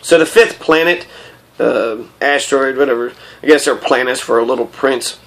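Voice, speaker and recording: A man's voice: medium pitch, moderate pace, vocal fry, a bit bright. A man reading a children's book aloud with casual, profane commentary in between. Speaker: storyteller.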